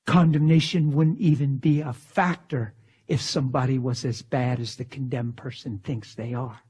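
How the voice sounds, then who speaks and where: A male preacher delivering a fervent sermon in a husky voice, swinging from exclamations down to hushed whispers. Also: mid-range voice, steady tone, normal speed.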